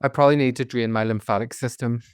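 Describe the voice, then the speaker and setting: A man's voice: medium pitch, steady tone, quick pace, smooth, dry recording, studio quality. A man with a Belfast accent hosting a podcast, chatting casually and rambling with lots of "like" and asides. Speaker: podcast host.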